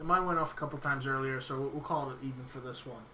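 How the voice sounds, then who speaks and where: A man's voice: mid-range voice, steady tone, sharp tone. A man co-hosting a casual podcast, rambling with lots of "like" and teasing his friend. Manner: rambling, lots of "like", quick to tease. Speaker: podcast co-host.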